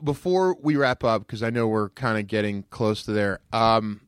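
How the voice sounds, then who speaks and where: A man guesting on a podcast, telling animated stories in casual chat and jumping into loud put-on voices. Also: lowish voice, normal speed, smooth, no room sound, studio quality.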